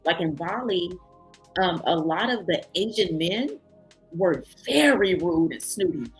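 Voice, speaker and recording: A travel vlogger tells a story in a casual vlog, her voice on the low side and unhurried over soft background music. She is animated, acting out other people's voices when she quotes them.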